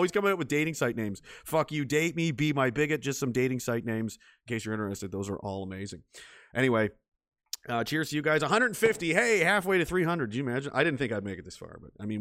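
A man's voice: mid-range voice, a bit bright, dry recording, studio quality. A man from Western Canada, hosting a livestream and reading viewer messages in a crude, profane, joking way. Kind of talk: casual livestream chat.

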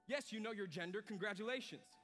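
A male pastor preaching a sermon, swinging from hushed, low passages to loud, emphatic climaxes. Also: brisk. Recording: hall reverb with soft music beneath.

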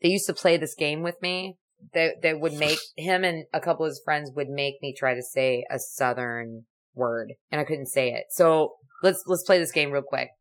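Tipsy, low-voiced woman bantering. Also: normal speed. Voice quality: calls own voice monotone. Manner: tipsy, swearing, laughing often. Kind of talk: casual banter.

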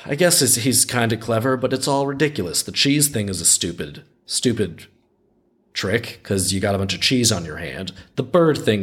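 A man's voice: on the low side, fairly bright tone, slightly rough. A man hosting a storytelling show, reading a folk tale aloud and breaking off for wry, skeptical, rambling asides. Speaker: podcast host reading folk tales. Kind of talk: storytelling with casual commentary.

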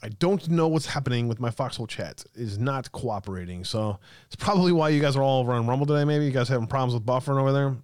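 A man hosting a live stream, chatting with viewers in a loose, joking way and laughing often. His voice is smooth and resonant. The sound is dry and close to the mic. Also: medium pitch, quick pace, a little mellow, no echo. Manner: chatty, reads chat aloud, laughs often. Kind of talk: casual live-stream chat.

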